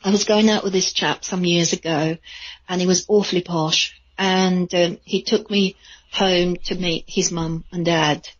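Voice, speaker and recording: A woman, a psychic medium, telling chatty, rambling stories in a radio interview with a husky voice. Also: on the low side, steady tone, unhurried, highs cut off. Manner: chatty, rambling with many fillers.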